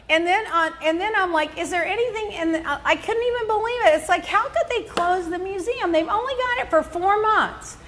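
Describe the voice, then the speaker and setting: A middle-aged woman with a high, bright voice tells a story on her podcast. Her pitch leaps up and down as she acts out her own reactions, swinging from grumbling to exclaiming. It is easy, chatty storytelling. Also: brisk. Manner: animated, exclamatory, quotes herself in big swings. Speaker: podcast host. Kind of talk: casual storytelling chat.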